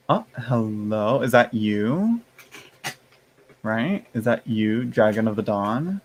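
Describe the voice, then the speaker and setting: A man's voice: on the low side, very animated, slow pace, pauses often, a little hiss or hum. A tired man chatting casually on a live stream, rambling with many fillers and restarts, playfully sassy toward his chat, yawning now and then. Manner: playful sass, addresses chat as y'all and honey. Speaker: tarot streamer.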